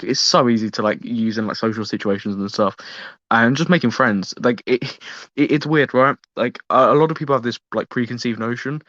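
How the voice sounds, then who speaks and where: Halting man on a dull, dry mic. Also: medium pitch, a bit bright, no echo. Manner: halting, filler-heavy, tags lines with "right?". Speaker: podcast host. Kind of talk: casual podcast interview.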